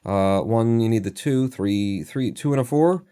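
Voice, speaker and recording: A man with a fairly low voice talks casually to himself while working through a number puzzle on a live stream. He mutters digits and placements under his breath and breaks off now and then to grumble at his own mistakes. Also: measured pace, dark tone, clear, resonant tone. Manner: mutters numbers to himself, self-deprecating asides. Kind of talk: casual thinking aloud while playing a puzzle game.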